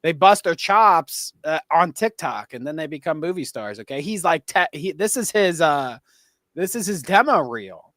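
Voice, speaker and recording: A man's voice: on the high side, very animated, moderate pace, a bit bright, no room sound, studio quality. A middle-aged man co-hosting a podcast, riffing casually with lots of laughter and swearing. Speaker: podcast co-host. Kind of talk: casual chat reacting to clips.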